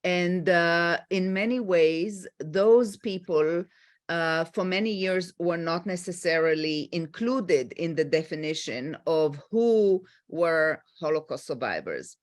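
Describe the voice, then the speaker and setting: Israeli woman, middle-aged, panel moderator; deep for a woman, unhurried, halting delivery. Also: animated. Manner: slow, halting, many fillers.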